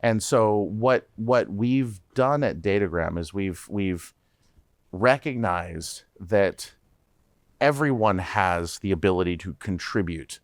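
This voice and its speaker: Low-voiced guy on a podcast, animated, lots of restarts, dry close mic. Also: slow, no room sound. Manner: animated, with many restarts and repeated words. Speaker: startup CEO guest. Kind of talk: podcast interview.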